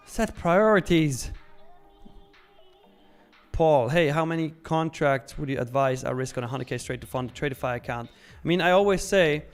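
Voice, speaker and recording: A man's voice: medium pitch, smooth. A man hosting a live trading stream, talking casually and joking as he reads out chat messages.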